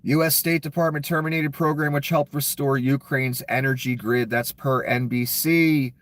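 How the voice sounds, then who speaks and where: A man's voice: medium pitch, fairly even intonation, moderate pace, fairly bright tone, dry recording. A man delivering an angry, profane political rant. He is scornful and sarcastic, and he stops to read headlines aloud. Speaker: political commentator.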